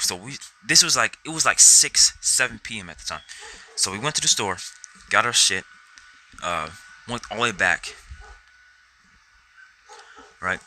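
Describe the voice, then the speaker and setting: A young man vlogger tells a rambling personal story to camera, swearing constantly and acting out quotes of his own reactions. His voice is fairly low, pushed, and bright. The low-quality recording has a little hiss or hum.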